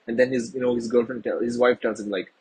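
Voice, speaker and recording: A man's voice: mid-range voice, level tone, fast, darkish tone, husky, poor audio. A man giving a casual, rambling film review to his viewers, earnest and full of fillers.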